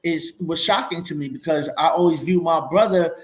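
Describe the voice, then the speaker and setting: A man's voice: fairly high pitch, moderate pace, poor audio. A man co-hosting a podcast, speaking in a heartfelt, loose way with slang and restarts. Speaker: podcast panel host. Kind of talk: casual interview talk.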